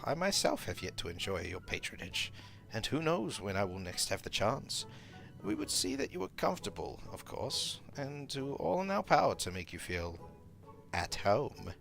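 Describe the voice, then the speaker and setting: Casting: possessive fairy ruler, lilting and lively, slightly posh, a male streamer putting it on. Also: medium pitch, gravelly, heavily acted. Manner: sing-song, faintly posh reading voice. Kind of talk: reading game dialogue aloud.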